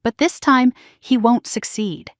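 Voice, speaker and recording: A woman voicing a steady male adviser in a storybook narration, calm and reassuring, dry sound. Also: on the high side, a little slow, no echo, voice pushed up, close to an everyday voice. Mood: calm firm.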